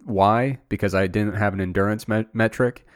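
A man co-hosting a podcast, talking casually in a relaxed, dry way. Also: fairly low pitch, normal speed, no echo. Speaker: podcast co-host. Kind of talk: casual chat.

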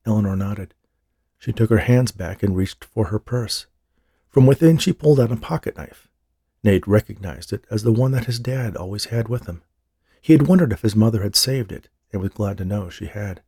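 Steady male narrator, dark and husky, for an audiobook. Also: fairly low pitch, moderate pace, dry recording, clean studio sound. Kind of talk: scripted narration.

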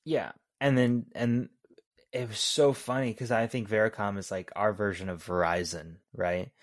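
A man's voice: fairly low pitch, steady tone, normal speed. A man co-hosting a film review podcast, talking loosely and casually with some swearing. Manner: loose, profane, conversational. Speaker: podcast co-host.

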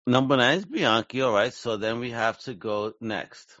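A man co-hosting a casual chat, excitable and quick to laugh and swear. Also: medium pitch, no echo, highs cut off.

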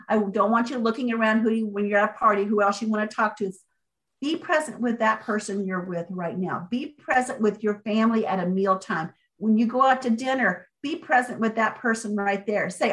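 A woman author being interviewed, speaking in an energetic, motivational way and driving her points home with repetition. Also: medium pitch, moderate pace, rough recording. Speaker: author guest. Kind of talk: conversational interview.

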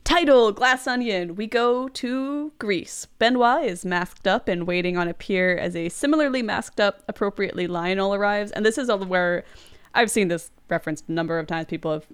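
A woman's voice: mid-range voice, normal speed, clear, resonant tone. A woman hosting a podcast, recapping film scenes in casual chat and laughing often. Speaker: podcast host.

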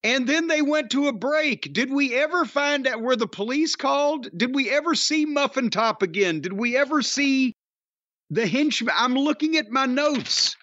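Lively intonation marks this older man's very high, sharp voice as he reviews wrestling on a casual podcast at a moderate pace. He rants profanely and asks sarcastic rhetorical questions, captured in dry, slightly dull audio with no echo.

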